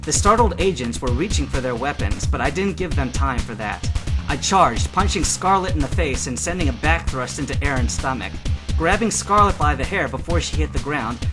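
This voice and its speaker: Man reading an animated adventure story. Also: mid-range voice. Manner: lively, expressive narration. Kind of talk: first-person fan fiction reading.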